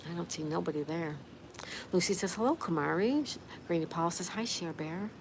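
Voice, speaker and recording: A woman's voice: fairly low pitch, a little fast, background noise. A middle-aged woman hosting a casual livestream, reading out viewer comments in a chatty, friendly way. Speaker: livestream host.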